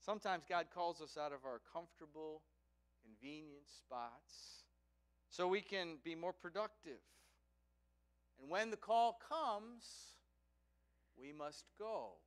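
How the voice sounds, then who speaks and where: A male preacher giving a sermon in a fairly high, clear voice. He tells a story to make his point and often checks in with his listeners with a "right?". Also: expressive, slow pace.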